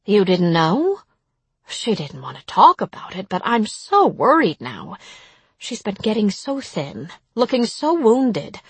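A woman voicing an anxious elderly female neighbor who pleads in a worried, husky voice, reading a story aloud. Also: medium pitch, big pitch swings, takes it slowly, no echo, full character voice.

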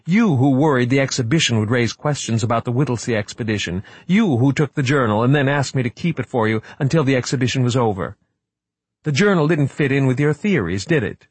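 Male reader doing a desperate, shrill-bright female PR director, pitched well up. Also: animated, brisk, husky, no room sound. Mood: accusing. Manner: desperately bright, pleading, sharp. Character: frantic woman public relations director.

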